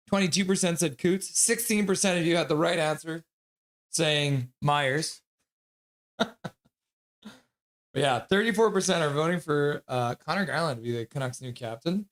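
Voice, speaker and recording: A man hosting a casual live stream, reading out viewer chat with frequent laughs and excited outbursts. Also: a little high, normal speed. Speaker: livestream host.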